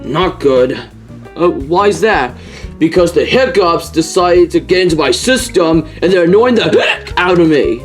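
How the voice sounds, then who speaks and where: A man's voice: on the high side, expressive, a little slow, faint music behind, voice pushed up. A man voicing a whiny hiccuping cartoon wolf. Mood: exasperated. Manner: whiny and exasperated complaints. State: suffering from hiccups. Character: blue male wolf hero, easily annoyed. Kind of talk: homemade toy-animal story.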